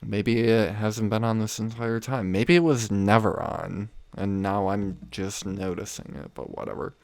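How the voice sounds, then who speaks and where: A man's voice: lowish voice, steady tone, measured pace, vocal fry, darkish tone, no echo. A young man hosting a casual comedy podcast, ranting with lots of swearing and laughing at his own stories. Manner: profane, rambling, laughs often. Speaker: podcast host. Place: home room.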